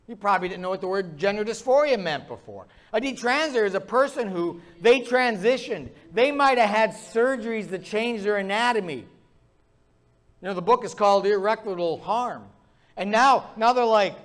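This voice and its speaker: A man preaching with a noticeably high-pitched voice, ranting with fervor. He pounds the pulpit as he drives his points home in a sermon. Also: moderate pace, a bit bright. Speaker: pastor.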